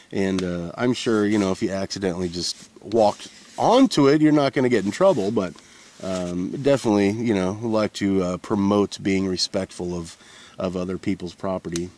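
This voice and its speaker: A man's voice: lowish voice, darkish tone. A man rambling casually at a winter forest camp, meandering with lots of uhs and restarts. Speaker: vlogger.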